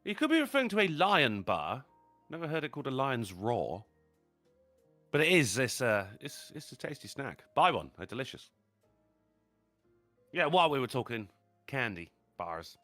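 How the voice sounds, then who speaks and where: Bright, joking male stream co-host. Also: mid-range voice, wildly swooping pitch, normal speed, pauses often, no echo, faint music behind. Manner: joking, teasing banter. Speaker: podcast co-host. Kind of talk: casual live-stream chat.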